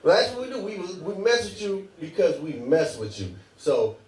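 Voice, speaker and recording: A man's voice: on the high side, big pitch swings, moderate pace, a little mellow. A man doing a stand-up comedy set on a club stage, loose and chatty, laughing at his own jokes. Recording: echoey club, mic at a distance, crowd.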